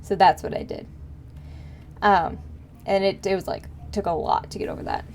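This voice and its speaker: A woman's voice: medium pitch, wildly swooping pitch, moderate pace, gravelly, a little mellow. A young woman streaming live, chatting casually with her viewers in a rambling way full of fillers. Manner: rambling, filler-heavy, frequent laughs.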